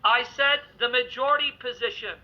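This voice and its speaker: A man's voice: very high voice, moderate pace. A man debating religion heatedly, reading scripture passages aloud with force. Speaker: Christian debater. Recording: dull lo-fi audio.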